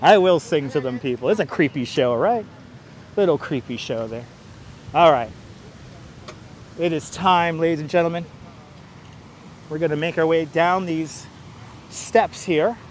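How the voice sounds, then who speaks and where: A man's voice: a little high, unhurried, pauses often, a little hiss or hum. A man hosting a walking livestream outdoors on a city park walkway, joking with viewers, thanking them by name and breaking into playful singing, on a clip-on wireless mic. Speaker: livestream host. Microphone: wireless clip-on mic, phone on gimbal.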